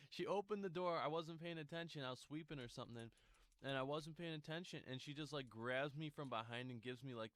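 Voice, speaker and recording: A man's voice: medium pitch, a bit bright, no echo. A young man telling a casual storytime, rambling with lots of fillers and restarts.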